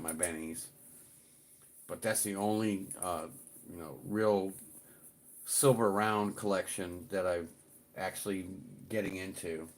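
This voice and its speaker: A middle-aged man chatting casually on his livestream, rambling and swearing a little as he greets viewers. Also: low-pitched. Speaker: livestream host.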